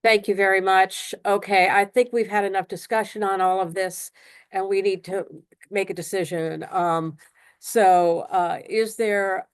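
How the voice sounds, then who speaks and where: A woman's voice: mid-range voice, steady tone, a little slow, clean tone, no echo, studio quality. A woman chairing a legislative committee work session who speaks plainly and with some hesitation.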